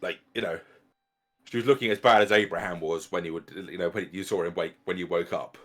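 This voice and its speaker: A man's voice: deep voice, fairly even intonation, a little fast, fairly bright tone. A man narrating as game master of a tabletop role-playing game, describing scenes casually.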